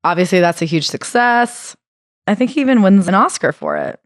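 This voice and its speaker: A woman's voice: mid-range voice, very animated, brisk, no echo, clean studio sound. A woman co-hosting a book club podcast, recapping a memoir in casual chat and swearing now and then. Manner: reads quotes aloud and swears casually. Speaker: podcast co-host.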